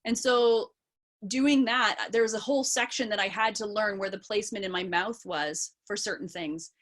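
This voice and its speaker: Bright-voiced woman explaining accents on a video call. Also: mid-range voice, normal speed. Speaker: actor and accent coach. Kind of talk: panel video chat.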